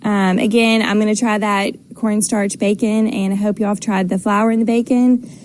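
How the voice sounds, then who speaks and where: A woman's voice: mid-range voice, flat delivery, moderate pace, a little mellow. A woman calling in to a radio show, chatty and upbeat, with plenty of fillers. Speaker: caller. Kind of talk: phone-in voicemail.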